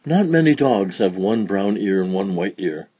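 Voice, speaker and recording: A man reading a children's storybook aloud, voicing a gentle, patient mother who talks softly, calm and kindly firm. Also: sits low, moderate pace, slightly rough, no room sound, highs cut off.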